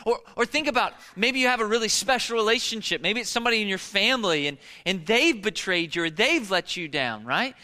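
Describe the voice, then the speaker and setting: A man's voice: high-pitched, lively intonation, fairly quick, hardly any pauses, sharp tone, big-room sound. A young man preaching a sermon as a pastor, speaking conversationally and emphatically, often restarting his sentences.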